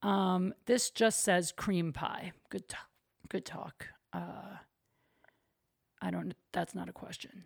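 A woman's voice: on the low side, steady tone, slow, creaky, slightly rough. Young woman, solo podcast host, casual rambling chat, self-mocking. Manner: chatty, self-deprecating, lots of "like". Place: her apartment.

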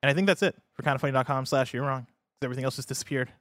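A man's voice: medium pitch, very fast, a bit bright, no room sound. A man from the United States hosting a casual gaming news podcast, upbeat and laughing easily, sometimes tripping over words. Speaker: podcast host.

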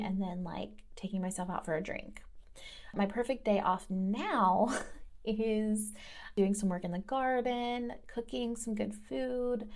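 Woman, 30s, host, casual rambling chat, vocal fry, mid pitch. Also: a little mellow. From Southern United States. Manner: chatty and rambling, lots of "like".

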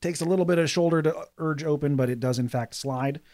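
A man narrating a tabletop game as game master, describing scenes in a steady, detailed way. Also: fairly high pitch, fast, no room sound, clean studio sound.

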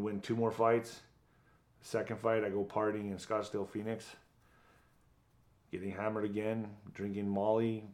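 Interview guest: low-pitched middle-aged man, blunt, profane storyteller. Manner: blunt, profane, vivid retelling with acted quotes. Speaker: guest, former boxer.

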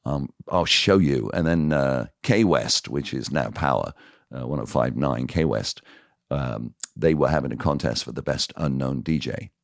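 An older man with an English accent, a podcast guest telling lively anecdotes from his radio career in a casual way. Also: very deep voice, moderate pace, vocal fry, no echo, studio quality. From England. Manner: animated anecdotes, lively voiced quotes. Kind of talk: casual storytelling.

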